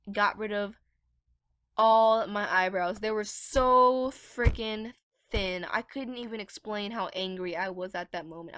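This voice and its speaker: A woman's voice: fairly high pitch, a bit bright, no room sound, studio quality. A teenage girl chatting casually in a vlog, telling an angry storytime while swearing freely. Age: teens. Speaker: gaming vlogger.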